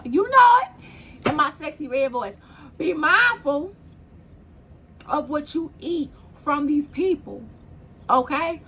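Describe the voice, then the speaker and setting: Woman doing a tarot reading, high voice, blunt and preachy, cusses a lot, faint hiss behind. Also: sharp tone. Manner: blunt, preachy, swears freely. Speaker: tarot reader. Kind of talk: casual spiritual tarot reading.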